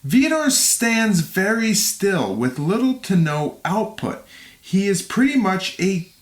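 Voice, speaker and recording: In a reverberant recording, a high-pitched man recaps a fight blow by blow for a podcast, taking his time in a sing-song delivery. Banter, jokes, and laughter run through his narration.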